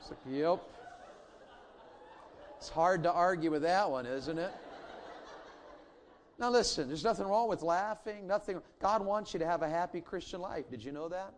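A middle-aged man preaching a sermon in a church, telling family stories with big swings between loud and hushed. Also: high voice, animated, normal speed, long pauses, slight background noise. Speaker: pastor.

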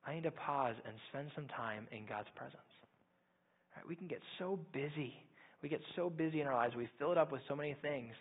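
A young man preaching a sermon as pastor, quick and energetic, often asking "right?". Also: on the high side, slightly rough. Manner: fast-talking, energetic, repeats "right?". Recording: tinny phone-like sound.

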